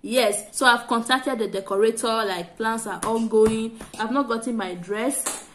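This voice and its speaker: A young woman chatting to camera at home in a bubbly, giggly way, repeating phrases when excited. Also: on the high side, unhurried, a little hiss or hum. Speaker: vlogger host. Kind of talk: casual vlog chat to camera. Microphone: camera set up in front of her.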